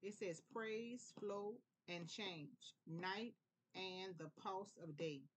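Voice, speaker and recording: A woman from New Orleans with a New Orleans accent, giving a relaxed, prayerful tarot reading in a conversational way. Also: mid-range voice, extremely slow, slightly rough. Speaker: tarot reader. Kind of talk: casual spiritual tarot reading.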